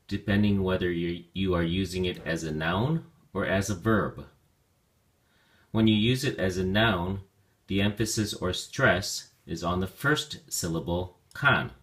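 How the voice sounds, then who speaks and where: A man teaching a vocabulary lesson, speaking slowly and deliberately and stretching out key words for learners. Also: low-pitched, fairly bright tone.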